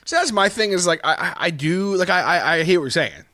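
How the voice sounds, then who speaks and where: A man's voice: sits high, animated, fast, sharp tone, dry recording, clean studio sound. A man co-hosting a podcast in casual chat, rambling through stories and swearing freely. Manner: rambling storyteller, swears, restarts. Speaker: podcast co-host.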